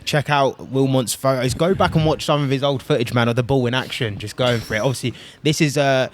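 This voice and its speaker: A man's voice: mid-range voice, a little fast, a little hiss or hum. A man hosting a podcast, winding up the chat with enthusiastic thanks. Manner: warmly appreciative, enthusiastic. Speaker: podcast host. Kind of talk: casual chat.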